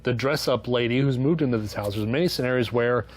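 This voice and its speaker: Sarcastic, cussing male book reviewer. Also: mid-range voice. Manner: sarcastic, profane and joking, with quick mock-voiced asides. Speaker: book reviewer, channel host. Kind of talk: casual spoken book review.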